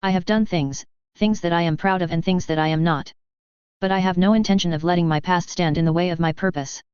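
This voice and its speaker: A reader voicing a calm, determined young man, a former mech pilot, who speaks in a measured, composed way. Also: medium pitch, smooth, dry recording, lo-fi sound, lightly acted.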